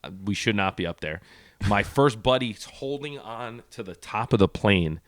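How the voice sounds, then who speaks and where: A man's voice: fairly low pitch, normal speed, no echo. A man co-hosting a podcast, telling a story in casual chat and acting out the people in it, on a studio mic. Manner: animated, acts out the people in his stories. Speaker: podcast co-host.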